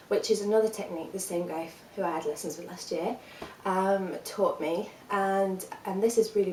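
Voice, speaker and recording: A woman with a fairly low voice leads a singing workshop, calm and encouraging as she explains each exercise step by step. Her voice carries the echo of a hard room and sits a little back from the mic, with a faint hiss behind it. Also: far from the mic. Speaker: singing teacher. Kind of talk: vocal workshop instruction.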